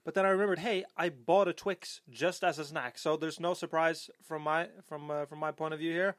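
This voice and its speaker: Man, podcast host, playful, teasing, somewhat high voice, dry studio sound. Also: steady tone, a little fast, a bit bright, no room sound. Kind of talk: casual podcast chat.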